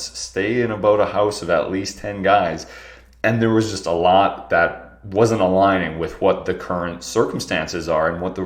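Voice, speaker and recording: Young male podcast host, very low voice, stuffed-up and nasal, earnest and reflective, roomy echo. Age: young adult. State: congested, nasal from allergies. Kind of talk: solo podcast talk.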